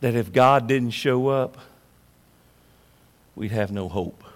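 A man preaching a sermon, swinging from hushed, slow lines to loud, emphatic ones. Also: medium pitch, in a large hall.

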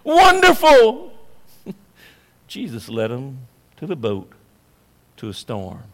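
Male preacher, high voice, slow emphatic delivery, long church reverb. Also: wildly swooping pitch. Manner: dramatic swings from hushed to loud and high. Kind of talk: sermon.

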